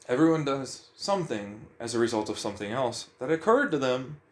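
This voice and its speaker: A man's voice: mid-range voice, sing-song, a little fast. A man talking bluntly about emotions in a casual, profane monologue, firing questions at himself.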